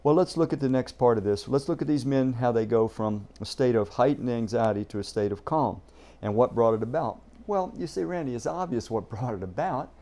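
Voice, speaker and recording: A man's voice: medium pitch, animated, fairly quick, mellow. A male pastor preaching a sermon in an earnest, emphatic way, often repeating words as he starts a sentence.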